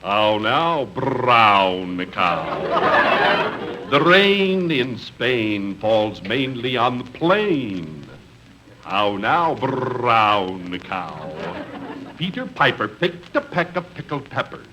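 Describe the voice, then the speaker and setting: A man playing a hearty, earnest radio announcer in a 1950s radio comedy, booming and over-enunciating every word. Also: sing-song, normal speed, few pauses. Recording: noisy old radio broadcast.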